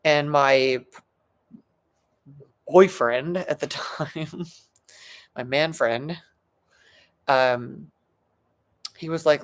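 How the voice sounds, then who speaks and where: Gravelly low-voiced woman giving emphatic advice. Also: extremely slow, pauses often. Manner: earnest, emphatic, with frequent restarts and fillers. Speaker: psychologist and success coach. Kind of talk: motivational talk to camera.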